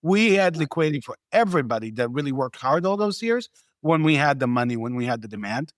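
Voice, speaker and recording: A man's voice: on the high side, big pitch swings, fast talker, no echo, clean studio sound. A man speaking as a guest on a podcast, telling of his own experience in an emphatic, persuasive way. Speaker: venture capital investor, podcast guest. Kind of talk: casual podcast conversation.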